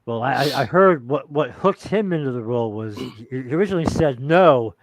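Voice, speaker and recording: A man's voice: medium pitch, expressive, fairly quick, no echo. Laid-back male stream guest sharing trivia. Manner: laid-back, trades trivia in short replies. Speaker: guest on a livestream. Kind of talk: casual fan chat.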